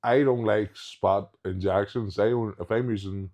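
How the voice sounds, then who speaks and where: Low-voiced strongman. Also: steady tone, moderate pace, a little mellow. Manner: frank and matter-of-fact, laughs easily. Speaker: professional strongman guest. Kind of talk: casual chat.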